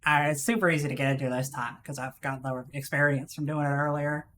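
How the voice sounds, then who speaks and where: A woman's voice: deep voice, steady tone, fast talker, fairly bright tone, slight background noise. A woman streamer chatting casually to her viewers while gaming, swearing freely and laughing often. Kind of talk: casual live-stream chat.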